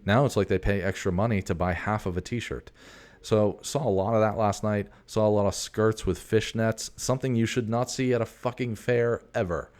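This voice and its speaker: Host, male, 40s, very low voice, loose profane rambling monologue, digressive. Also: steady tone, moderate pace, darkish tone.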